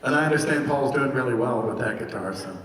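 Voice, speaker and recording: An older man, a voice actor, telling stories and answering fan questions at a convention panel in an animated, laughing way. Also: medium pitch, very noisy. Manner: animated, laughing, jumps into quick character voices. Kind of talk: casual storytelling and Q&A. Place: large convention hall. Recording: echoey hall heard from far off.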